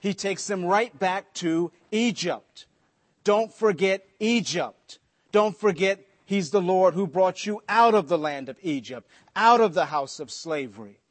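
A man preaching a sermon in a conversational way, with joking asides and slower stretches for emphasis. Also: high voice. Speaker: pastor.

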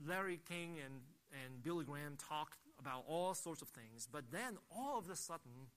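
Preaching at a normal pace, this pastor has a slightly high, fairly bright voice with lively intonation. His sermon is emphatic, driven by rhetorical questions and repeated phrases as his points build.

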